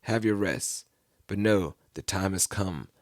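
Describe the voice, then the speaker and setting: A man's voice: sits low, measured pace, dry recording, clean studio sound. A man reading Jesus, solemn and grave. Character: Jesus, solemn grown man teaching his followers.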